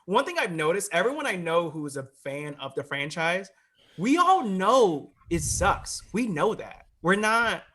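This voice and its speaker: A comedian talking as a podcast guest, telling a story with lively swearing and bursts of shouting. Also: male voice, sits high, measured pace. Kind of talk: casual chat.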